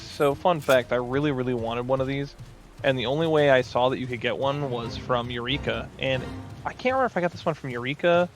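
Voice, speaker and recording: A man giving casual, rambling commentary while playing an online game, full of fillers and asides. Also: mid-range voice. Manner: rambling, chatty, many fillers. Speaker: gaming video host.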